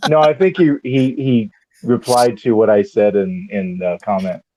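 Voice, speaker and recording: A man's voice: lowish voice, moderate pace, warm tone, slight background noise, poor audio. A man co-hosting a casual podcast chat, teasing the others and laughing often. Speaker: podcast co-host. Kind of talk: casual group chat on a stream.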